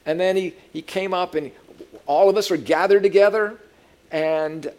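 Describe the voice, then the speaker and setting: Male Bible teacher; casual, funny storytelling sermon, fairly high-pitched. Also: moderate pace, darkish tone. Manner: humorous storytelling, asks the audience questions. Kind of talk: conversational sermon.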